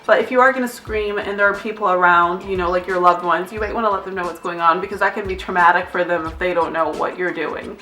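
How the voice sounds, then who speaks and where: A woman's voice: fairly low pitch, steady tone, fast, few pauses, sharp tone, echoey room, distant mic. A young adult woman, a nurse, giving candid, chatty advice in a casual vlog, now and then glancing at notes and swearing lightly. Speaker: nurse vlogger.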